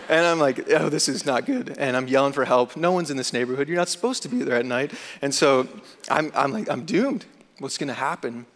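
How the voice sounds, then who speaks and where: A young man, a student chaplain, speaking from the stage in a university chapel and telling a personal story with animated energy. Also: a little high. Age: young adult. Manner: animated storyteller, acts out his own panic. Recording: long hall reverb.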